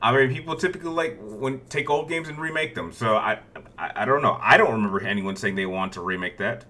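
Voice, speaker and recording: A man in his thirties hosts a relaxed Q&A, answering viewer questions one after another. His voice is bright and forward, and he often restarts his sentences as he thinks aloud. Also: medium pitch, fairly quick. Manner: rambling, many restarts, chuckles between answers. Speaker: YouTube Q&A host.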